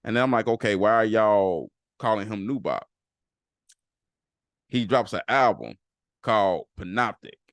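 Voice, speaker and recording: A man, low in pitch, riffs casually on a podcast. He talks loosely and keeps repeating phrases for emphasis. The sound is dry and close to the mic. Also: expressive, unhurried, long pauses, dry recording. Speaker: podcast host. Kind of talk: casual solo podcast talk.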